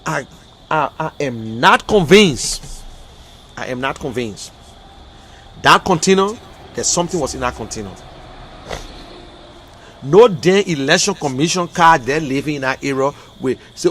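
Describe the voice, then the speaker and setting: A man with a Liberian accent holds forth on a livestream, pressing each point again and again in an exasperated, emphatic way. His voice sits a little high, with a faint hiss of background noise behind it. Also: sing-song, a little slow, pauses often, a bit bright. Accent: Liberian English. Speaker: livestream commentator. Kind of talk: heated livestream political talk.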